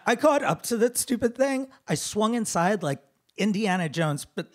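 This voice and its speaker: A man telling a funny personal story on a theater stage, animated and self-deprecating, into a stage microphone. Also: high-pitched, moderate pace, a little hiss or hum. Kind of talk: live comic storytelling.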